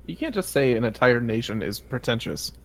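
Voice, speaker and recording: A man's voice: mid-range voice, very animated, a little fast. An American man co-hosting a podcast, blunt and profane, teasing others in casual chat. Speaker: podcast co-host.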